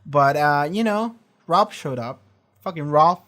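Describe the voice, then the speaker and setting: A man giving casual, animated reaction commentary from a home streaming setup, swearing often and restarting his sentences as he rambles. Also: a little high, a little slow.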